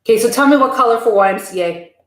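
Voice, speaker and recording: A woman's voice: fairly high pitch, animated, fast talker. A woman live streaming casually, talking candidly and answering viewer comments from a room at home. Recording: roomy echo.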